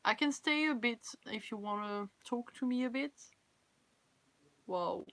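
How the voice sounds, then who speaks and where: Speaking a little slowly in a slightly high, animated, fairly bright voice with no room sound, this French cosplay livestreamer chats casually. A tired young native French speaker with a French accent, she reads out viewer comments, giggles a lot, and is self-critical.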